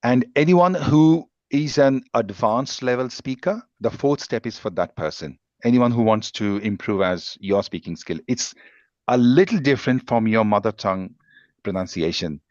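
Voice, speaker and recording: A man with a mid-range voice, an English language teacher appearing as a guest speaker, teaches a live workshop on speaking skills at a moderate pace. He explains points steadily, stressing single words when demonstrating. The recording has no echo, and the highs are cut off.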